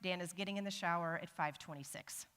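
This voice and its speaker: Bright-voiced woman preaching in a reverberant hall. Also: lowish voice, brisk, clear, resonant tone. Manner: animated and humorous, acting out quoted voices. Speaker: church speaker. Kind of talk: sermon. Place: large church sanctuary. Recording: church hall with long reverb.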